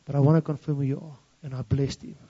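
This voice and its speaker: This native Afrikaans speaker from South Africa's Free State has a mid-range, slightly rough voice, a level tone, and a fast delivery, with an Afrikaans South African accent. He tells his story as a testimony, alternating English and Afrikaans. The sound is dull and lo-fi, echoing in a hall.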